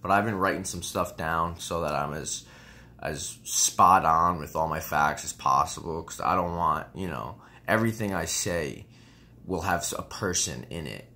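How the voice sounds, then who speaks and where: A vlogger in his twenties tells a personal story casually, rambling, swearing a bit, and often saying "you know what I mean." His voice sits low with a sharp tone, at normal speed.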